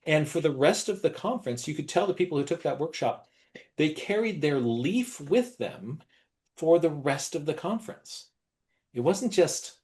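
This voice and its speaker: A middle-aged man leading an online workshop, animated, acting out gushing praise in a high voice. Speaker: workshop presenter.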